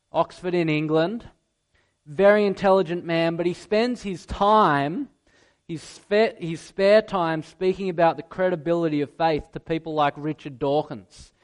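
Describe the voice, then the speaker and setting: A man delivers a sermon in a high, light voice. He preaches earnestly and with emphasis, dropping to a quiet, soft delivery and then rising loud again.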